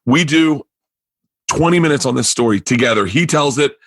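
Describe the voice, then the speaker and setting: A man's voice: medium pitch, normal speed, no room sound. A male comedian guest on a podcast, telling a story in casual chat, acting out the other people in it, with lots of restarts. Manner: animated, frequent restarts and acted-out quotes.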